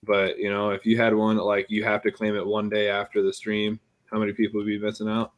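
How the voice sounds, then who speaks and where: A man's voice: fairly low pitch, completely flat delivery, fairly quick. A man co-hosting a live stream in casual chat, joking and teasing viewers. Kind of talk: casual chat, reading the chat aloud.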